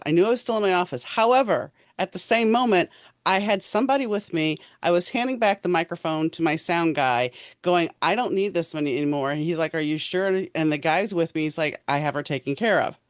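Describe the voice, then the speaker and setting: A woman's voice: fairly low pitch, no echo. Earnest woman podcast host, dry mic. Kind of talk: casual chat.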